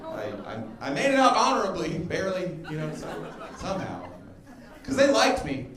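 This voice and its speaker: A man in his thirties doing a stand-up comedy set, telling stories and acting out other people with loud exclamations. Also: sits high, wildly swooping pitch, normal speed, a crowd in the background. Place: comedy club stage before a laughing crowd. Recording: roomy club sound with audience noise.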